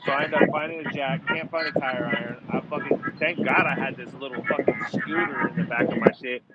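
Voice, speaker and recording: A man's voice: a little high, a little fast. A man telling a rambling, profane story in casual bar talk. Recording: muffled with loud background noise.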